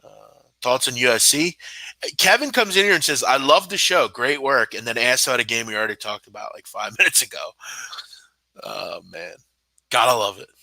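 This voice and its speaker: A man's voice: mid-range voice, moderate pace, pushed and bright, no room sound. A young man hosting a live sports betting show, ranting with sarcasm, exasperation and heavy swearing. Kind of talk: live-stream casual rant.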